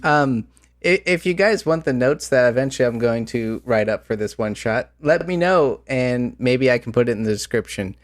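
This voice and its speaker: A man's voice: mid-range voice, animated, moderate pace, no room sound. A man hosting a podcast as game master, chatting casually with many fillers and restarts, his voice slightly worn. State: voice slightly going out. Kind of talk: casual chat about tabletop games.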